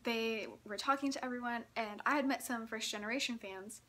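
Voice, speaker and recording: A woman's voice: on the high side, brisk, bright, forceful tone. A young woman from Texas telling a story in a chatty vlog, giggling often and saying "like" a lot. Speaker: vlogger.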